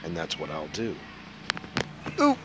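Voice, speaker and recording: A man's voice: rumbling low, huge pitch swings, slow, background noise. Hungover, folksy man rambling. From Mississippi. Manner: rambling, self-mocking, folksy. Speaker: model-building live streamer. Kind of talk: casual live stream chat.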